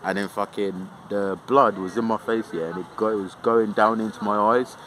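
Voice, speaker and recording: A man's voice: on the low side, fairly even intonation, normal speed, noisy background. A young man telling a rambling, sweary storytime in a casual way, full of fillers.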